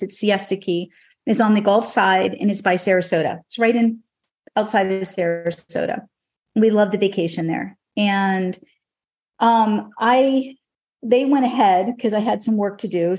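A woman's voice: medium pitch, darkish tone. A woman on a podcast telling an emotional personal story in a conversational, earnest way, with many fillers. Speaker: podcast guest speaker.

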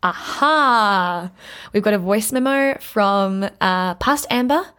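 A woman's voice: mid-range voice, expressive, takes it slowly, fairly bright tone, smooth. A woman vlogging to camera from a craft room, chatting in a bubbly, gushing way with playful asides. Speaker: vlogger and podcast host. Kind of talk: casual chat to camera. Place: her mother's craft room, indoors.

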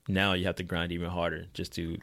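A man with a very low, gravelly voice co-hosts a casual conversation. He speaks in a flat, even tone and mostly chimes in with short agreements. His voice sounds close and dry. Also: quick pace, no room sound. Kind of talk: casual chat.

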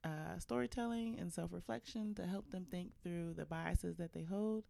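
A woman guest explaining her work in a thoughtful, measured way with some fillers. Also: lowish voice, vocal fry, dark tone, no echo. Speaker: guest, diversity practitioner. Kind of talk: interview answers.

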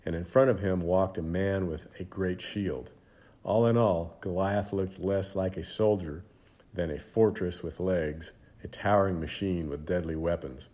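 A man giving a dramatic, measured storybook narration of a children's Bible story. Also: deep voice, dark tone.

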